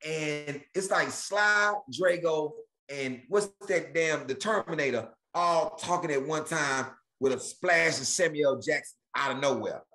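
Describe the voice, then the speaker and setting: A middle-aged man from Houston, a stand-up comedian telling stories as a guest, lively and quick to slip into put-on voices. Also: on the high side. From Houston, Texas. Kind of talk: animated storytelling chat.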